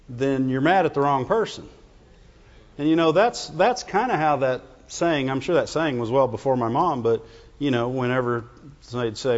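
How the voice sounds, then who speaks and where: A man preaching a conversational sermon to his congregation, often checking in with "Amen?" and "Right?". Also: on the high side. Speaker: pastor. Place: church sanctuary. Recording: dull reverberant church recording.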